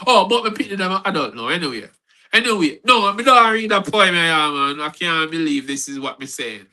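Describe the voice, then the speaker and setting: A man reads his poems in a very bright, ringing voice that sits a little high. His delivery swings between a steady rhythmic recital and loose, rambling asides to the audience. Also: normal speed, low-quality recording. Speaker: performing poet. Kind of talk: spoken-word poetry reading. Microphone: online event recording.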